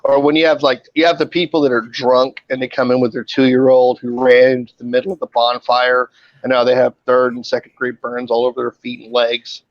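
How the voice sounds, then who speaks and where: Telling emergency-room stories in a casual group chat, this hospital worker is animated, curses freely, and does voices for the people involved. He speaks a little fast in a medium-pitched voice, recorded with no room sound and the highs cut off.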